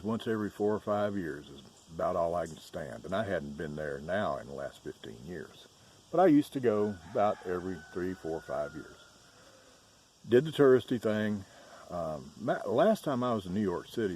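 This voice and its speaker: A middle-aged man from the Southern United States, speaking with a Southern Georgia accent, chats in a folksy, easygoing way while telling stories outdoors on his rural farm as a farm vlogger. His voice is low and a little mellow, with a slight hiss or hum in the recording.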